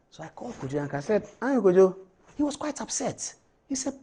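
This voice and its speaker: A middle-aged man with a Ghanaian English accent, hosting a TV talk show monologue in a chatty, animated, digressive way. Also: high-pitched, fairly quick, slightly rough.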